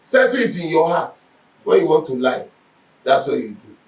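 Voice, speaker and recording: A man leads a Bible lesson, his voice a little high for a man. He tells stories with lively energy, slipping into the voices of the people he quotes. He sits some way from the mic in an echoey room. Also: normal speed, distant mic. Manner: animated storytelling, acts out quoted speech. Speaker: Bible teacher.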